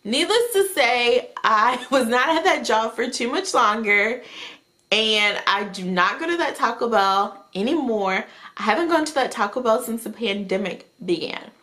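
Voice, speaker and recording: A young adult woman vlogger telling a story in a casual, animated, chatty way. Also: on the high side, unhurried. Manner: animated, chatty retelling with frequent "like".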